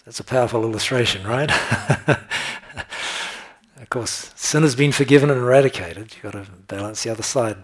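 A man with a low, husky voice delivers a sermon. He preaches with conviction and keeps checking in with his congregation through short tag questions like "right?" and "okay?".

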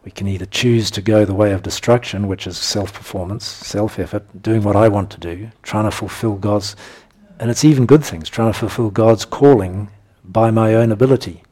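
A man preaching a sermon, his voice husky and sitting a little low. He works through scripture verses one by one and breaks into emphatic, animated bursts with chuckles. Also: moderate pace, hardly any pauses. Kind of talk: sermon teaching.

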